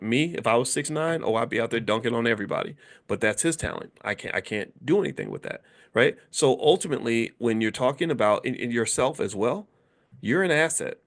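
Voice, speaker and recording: A middle-aged American man, a finance educator hosting his channel, giving an animated, casual motivational talk and acting out the voices of people he quotes. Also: mid-range voice, a little fast.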